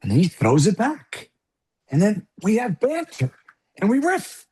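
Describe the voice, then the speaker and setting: A middle-aged man from the South Bronx telling an animated, profane story as an interview guest, acting out the people in it. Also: high voice, unhurried, slightly rough. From South Bronx, New York. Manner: animated, profane, acts out voices in anecdotes. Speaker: guest actor.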